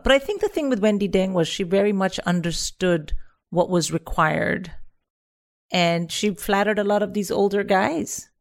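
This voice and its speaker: A woman's voice: mid-range voice, normal speed. A woman comedian guesting on a podcast, talking frankly with wry asides and blunt swearing. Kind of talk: casual chat.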